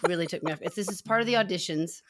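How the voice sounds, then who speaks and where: A woman co-hosting a podcast, retelling film scenes in a halting, rambling way. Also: fairly low pitch, fairly bright tone, no room sound. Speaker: podcast co-host. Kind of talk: casual chat.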